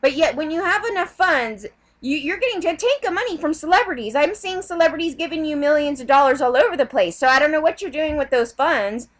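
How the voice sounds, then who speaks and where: A woman's voice: sits high, animated, brisk. A woman vlogger ranting in a heated, rambling way, swearing often. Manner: heated, profane, rambling rant. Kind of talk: ranting vlog.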